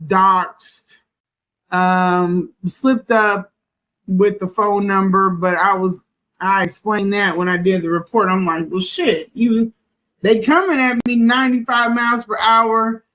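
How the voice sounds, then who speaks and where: A woman talking slowly in a middle-pitched voice, stumbling and restarting as she tells her story. She breaks off mid-sentence and begins again. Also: fairly even intonation, fairly bright tone, low-quality recording. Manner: halting, restarts, nervous laughs. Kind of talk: casual storytelling.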